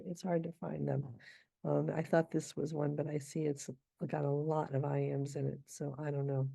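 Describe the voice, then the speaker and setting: A middle-aged woman teaching how to scan poetry, thinking aloud and reading verse lines slowly and deliberately. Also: low-pitched, creaky, warm tone, no echo. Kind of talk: informal scansion lesson.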